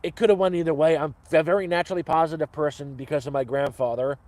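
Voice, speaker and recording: A man's voice: a little high, fairly even intonation, quick pace, a little mellow, no echo. A man hosting a live cooking stream from his camp, rambling cheerfully to viewers and swearing freely.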